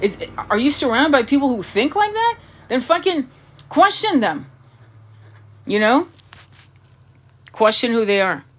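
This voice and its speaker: A woman's voice: high voice, very animated, a little slow, pauses often, a bit bright. A woman tarot reader and spiritual coach on a livestream, answering viewer comments bluntly, swearing often and firing off rhetorical questions.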